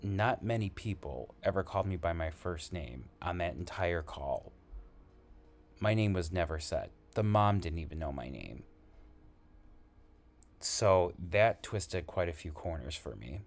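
A man who works as an emergency responder, earnestly retelling a frightening call in halting, conversational storytelling. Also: deep voice, animated. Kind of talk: spoken storytelling.

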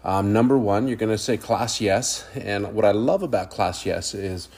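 Guy teacher w a deep low voice, rambly, lots of ums, chill podcast talk. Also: normal speed, a little mellow, slightly rough. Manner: rambling, with many fillers. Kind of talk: casual solo podcast about teaching.

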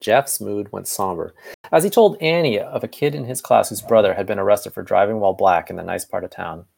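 Gravelly low-voiced man reading aloud. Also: fairly quick, a little mellow. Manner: reads narration and dialogue with small slips and self-corrections. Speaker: fanfiction co-reader. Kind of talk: casual fanfiction reading aloud.

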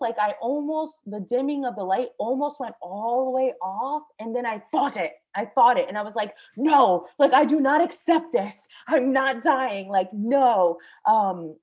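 Young female vlogger, slightly high voice, casual storytelling full of fillers. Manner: breathless, animated, many fillers; swears casually.

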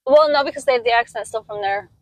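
A woman's voice: fairly high pitch, fast talker, no echo. A woman from the United States co-hosting a podcast in casual chat, talking in a chatty, rambling way. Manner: chatty, leans on "like" as a filler. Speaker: podcast co-host.

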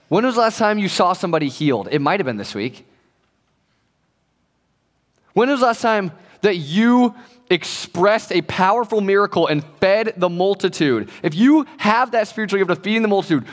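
Young male pastor, slightly high voice, conversational and playful, long hall reverb. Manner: conversational, joking, acts out quoted voices. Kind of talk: casual sermon to young people.

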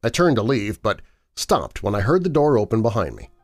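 A low-voiced man reads a first-person horror story in a measured, dramatic way. His pitch moves a lot, rising and falling with the tension. Faint music plays behind him. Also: huge pitch swings. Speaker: narrator. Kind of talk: scripted horror story narration. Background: faint background music.

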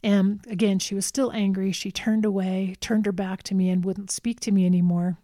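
A woman who visits a nursing home tells a personal story in a calm, measured way, repeating words for emphasis. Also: mid-range voice, no room sound, studio quality.

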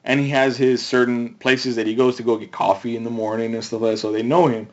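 A man's voice: medium pitch, flat delivery, fast talker, lo-fi sound. A man co-hosting a casual chat, rambling in loose runs and laughing often. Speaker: podcast co-host.

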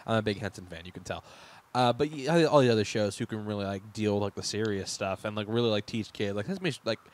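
A man's voice: fairly low pitch, quick pace. A young man hosting a casual news chat, joking, laughing often and restarting his sentences. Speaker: podcast host.

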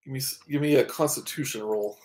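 A man's voice: medium pitch, brisk, a little mellow. A man running a tabletop game as game master, narrating with frequent ums and restarts. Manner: hesitant, full of ums and restarts.

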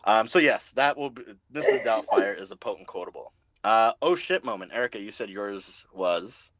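A man hosting a podcast in an easygoing way, prompting his co-hosts with questions. His voice is very deep and the sound is close and dry. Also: lively intonation, normal speed, a bit bright, dry recording. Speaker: podcast host. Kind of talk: casual chat.

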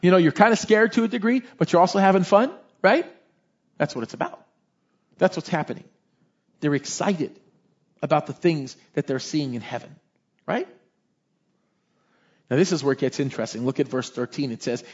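A male pastor preaching a sermon in a lively, conversational way, often tossing in "right?" asides. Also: on the high side, normal speed, long pauses, dull audio.

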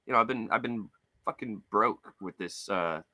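A man co-hosting a podcast in casual chat, animated and swearing, jumping into high voices when he quotes people. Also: normal speed, no echo, clean studio sound. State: limping with a foot injury. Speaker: podcast co-host.

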